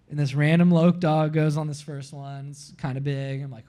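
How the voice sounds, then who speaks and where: Casting note: man from Florida, somewhat higher voice, animated live-podcast storyteller, says "like" constantly. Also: normal speed, hardly any pauses. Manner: animated, heavy use of "like", acts out his own quotes. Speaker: podcast guest.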